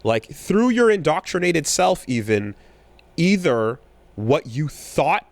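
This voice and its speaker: A man co-hosting a podcast in casual chat, talking in a rambling, animated way with many fillers and restarts. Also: a little high, no echo. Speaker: podcast co-host.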